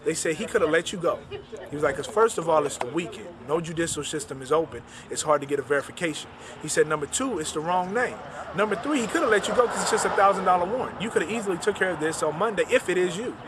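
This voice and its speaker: A man, an author, recounting a personal story and retelling the dialogue in quick back-and-forth. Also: on the high side, animated, background noise.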